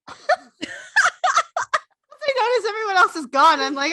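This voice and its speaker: A young woman co-hosting a casual chat, self-deprecating and quick to giggle. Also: very high voice, very animated, pushed and bright, no room sound. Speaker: podcast co-host.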